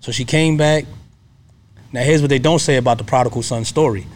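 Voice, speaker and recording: A man's voice: medium pitch, a little fast. Earnest man telling a personal story. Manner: earnest, casual, often adds "you know what I mean". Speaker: guest.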